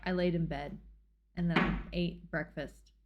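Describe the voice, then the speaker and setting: A woman's voice: lowish voice, fairly even intonation, unhurried, dull audio, heavy background noise. A woman livestreaming from her home, chatting casually with her viewers in a bubbly, talkative way and laughing often. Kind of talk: casual chat with live viewers.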